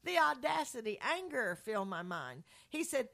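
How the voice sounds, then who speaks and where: A woman's voice: on the high side, very animated, normal speed, creaky, pushed and bright. A woman telling a religious testimony story to a group in an earnest, rambling conversational way, with frequent restarts. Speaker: speaker sharing a faith testimony.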